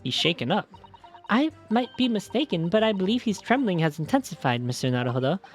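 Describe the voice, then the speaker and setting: Woman playing a video game's male lawyer: low, measured, formal. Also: sing-song, soft background music. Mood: probing. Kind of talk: reading a video game's lines aloud in voices.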